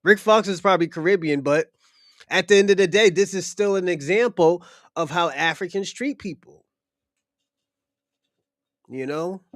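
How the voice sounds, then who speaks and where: A young man with a fairly high voice talks in a loose, heated podcast discussion. He is blunt and profane and circles back to repeat his points. The sound is dry and close, with no room echo. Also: moderate pace, pauses often. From United States. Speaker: podcast host. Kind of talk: casual unscripted discussion.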